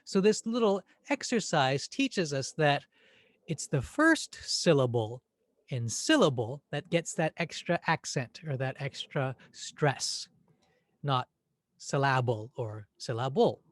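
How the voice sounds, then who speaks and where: Lively, patient male grammar teacher. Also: on the high side, takes it slowly, no echo. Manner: gentle, patient, demonstrates words by exaggerating them. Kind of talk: spoken English lesson.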